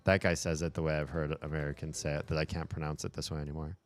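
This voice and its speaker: A man with a very low voice chats casually on a livestream. He is animated, laughs often and swears when frustrated. Soft music plays faintly in the background. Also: fast talker. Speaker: streamer.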